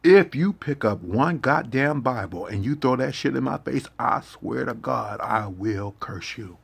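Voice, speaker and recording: Swearing constantly, this man preaches at his audience in a fiery, combative rant. He talks at a medium pitch, animated yet unhurried, with vocal fry and a breathy quality.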